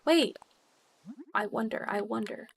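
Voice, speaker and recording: A young woman chatting casually with her viewers while playing a game, bubbly and quick to laugh, swearing freely with sudden high squeals. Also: vocal fry, background noise. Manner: bubbly, swears freely, laughs often, big jumps in pitch. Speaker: streamer. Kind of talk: casual livestream chat while gaming.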